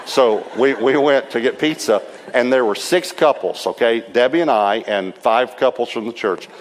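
A man's voice: mid-range voice, normal speed, slight background noise. A man preaching to a church, telling a story with laughter and acting out the quotes. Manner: lively storyteller who acts out quotes and laughs. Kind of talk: sermon storytelling. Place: church service. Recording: long reverb of a large hall.

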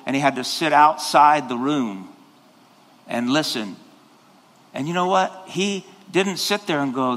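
This pastor's mid-range, fairly bright voice carries through a church sanctuary with long hall reverb. His sermon rambles and restarts, then breaks into sudden passionate bursts.

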